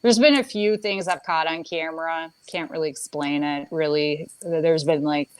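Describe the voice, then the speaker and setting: A woman's voice: deep voice, moderate pace, smooth, dry recording, low-quality recording. A woman talking casually about staging and photographing homes, hesitant with many restarts and fillers, speaking over a phone on a video call. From Minnesota. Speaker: home stager and photographer. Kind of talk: casual live chat.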